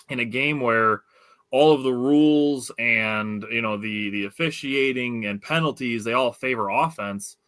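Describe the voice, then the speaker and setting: A man's voice: medium pitch, moderate pace, pushed and bright, dry recording. A man with a Wisconsin accent hosting a casual sports podcast, talking loosely with lots of fillers. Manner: loose, filler-heavy, enthusiastic. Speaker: podcast host.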